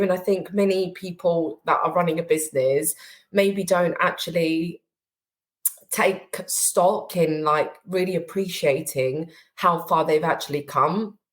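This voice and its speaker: A businesswoman, a guest on a podcast, speaking in a heartfelt way with many "you know" fillers. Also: on the low side. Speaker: podcast guest, company CEO. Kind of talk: casual conversational interview.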